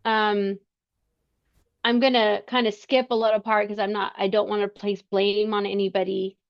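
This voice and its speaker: A woman as a podcast guest, telling a personal story in conversation, earnest and halting with frequent restarts. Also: mid-range voice, little pitch movement. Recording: slightly muffled lo-fi sound.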